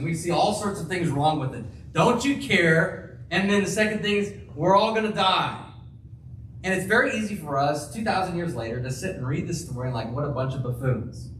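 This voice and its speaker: A man preaching a sermon as pastor, slow and emphatic, acting out the quoted lines. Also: fairly high pitch, fairly bright tone, slight background noise. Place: church. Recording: roomy, distant church sound with faint ambience.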